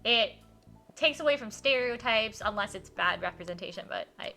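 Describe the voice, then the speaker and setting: Bright, giggly woman streamer. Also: expressive, normal speed, creaky. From southern United States. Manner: giggly and self-mocking, reading narration in a softer, lower voice. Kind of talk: live-stream chat while reading a visual novel aloud. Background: faint game music.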